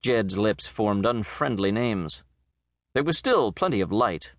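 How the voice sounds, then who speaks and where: A man narrating an audiobook story in a measured, expressive reading voice, recorded on a close studio mic. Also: lowish voice, no room sound. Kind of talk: scripted narration.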